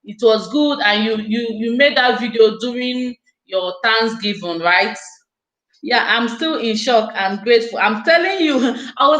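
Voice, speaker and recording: A woman's voice: on the high side, moderate pace, a bit bright, reverberant, low-quality recording. A woman hosting a casual live stream, chatting effusively and speaking straight to her viewers.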